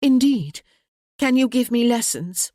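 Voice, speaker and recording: A woman voicing a sharp-witted young gentlewoman who answers with poised, spirited retorts. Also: on the high side, expressive, a little slow, no echo, clean studio sound, voice pushed up. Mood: indignant.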